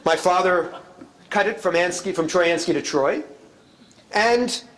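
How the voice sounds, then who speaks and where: High-voiced middle-aged man telling jokes. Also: a little slow, a bit bright, slight background noise. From United States, New York. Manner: wry storyteller, shifts pitch widely for quoted voices. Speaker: guest speaker, historian. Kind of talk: lecture with jokes and anecdotes.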